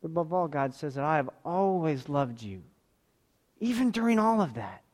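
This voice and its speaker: A man preaching a sermon as pastor. He puts questions straight to the congregation, swinging between loud exhortation and quiet asides. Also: on the high side, sing-song, normal speed.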